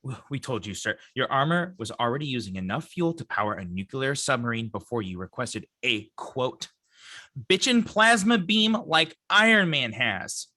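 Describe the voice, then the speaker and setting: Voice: mid-range voice, expressive, normal speed, bright, forceful tone, dry recording, studio quality. A performer reading a nervous, exasperated male scientist in a comedy table read. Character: fed-up male company scientist.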